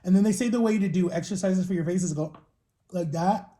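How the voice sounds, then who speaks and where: A man's voice: high voice, a little fast, mellow. A man in his thirties chatting casually to the camera while he eats, telling long rambling stories about his own life. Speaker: vlogger.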